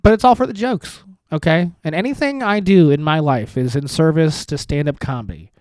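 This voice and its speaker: A man's voice: fairly high pitch, expressive, fairly quick, darkish tone, no room sound. A young man hosting his own podcast, rambling through self-deprecating jokes with lots of restarts. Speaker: podcast host. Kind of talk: solo comedic podcast monologue.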